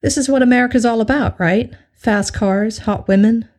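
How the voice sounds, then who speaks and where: A woman's voice: fairly high pitch, normal speed, a little mellow, natural voice. A woman reading aloud and voicing a playful English man who teases his partner with drawling banter. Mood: teasing. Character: teasing, cheerful English man, flirty.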